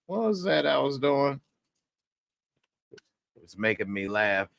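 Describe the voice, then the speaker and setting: A man's voice: mid-range voice, sing-song, slow pace, gravelly, fairly bright tone, slight background noise. A man reviewing a TV show in a rambling, jokey casual chat. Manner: rambling, jokey, breaks into impressions.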